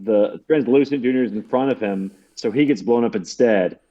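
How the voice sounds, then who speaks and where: A man's voice: medium pitch, moderate pace, dark tone, dull audio. A man co-hosting a casual podcast chat, talking hesitantly with lots of fillers. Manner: hesitant, many fillers and restarts. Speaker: podcast co-host.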